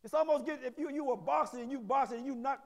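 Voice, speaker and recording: A pastor with a high voice preaches fast in a church sanctuary, climbing to shouted peaks and dropping into folksy asides. His words ring out through the hall with a long reverb.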